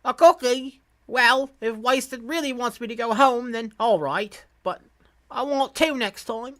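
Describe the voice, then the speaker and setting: A man's voice: extremely high pitch, a little slow, sharp tone, pitched above the performer's own voice, heavily acted. A man putting on a cheeky hungry street boy with a British lilt. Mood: grudging. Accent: British put-on. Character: hungry scruffy young boy, cheeky and stubborn.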